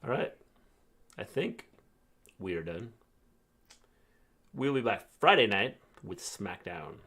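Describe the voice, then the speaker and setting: A middle-aged man co-hosts a relaxed livestream chat. He teases and jokes through easy banter, and his pitch swings widely as he talks. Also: takes it slowly, slightly rough. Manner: teasing, joking banter. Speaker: co-host.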